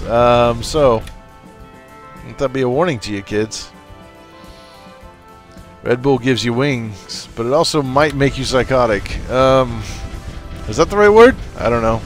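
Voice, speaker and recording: A man casually commenting on his strategy game, bossing his units around and joking with them. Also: mid-range voice. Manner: goofy, talks to his units. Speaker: gameplay commentator. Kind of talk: casual let's play commentary. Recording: faint game music and artillery behind.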